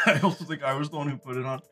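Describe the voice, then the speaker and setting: A man's voice: a little high, fairly even intonation, fast talker, pushed and bright. A man co-hosting a casual chat while drawing, joking and laughing often. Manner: jokey, laughs often, puts on silly voices. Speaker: podcast co-host.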